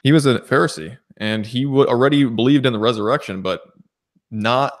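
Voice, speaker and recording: A man's voice: mid-range voice, brisk. A man co-hosting a casual scripture discussion, affirming his partner and addressing listeners as brothers and sisters.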